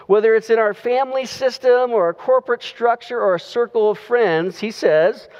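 Pastor preaching, chatty delivery with slowed emphasis, muffled sound, long hall echo. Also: medium pitch. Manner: conversational, drawing out key phrases. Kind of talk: sermon.

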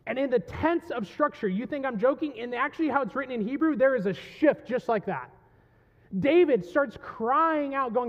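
A male pastor preaching a passionate sermon to his congregation, swinging between quiet reflection and loud pleading. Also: extremely high pitch, moderate pace, big-room sound, muffled recording. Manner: impassioned, rising to loud pleading when voicing the psalm. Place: church sanctuary.

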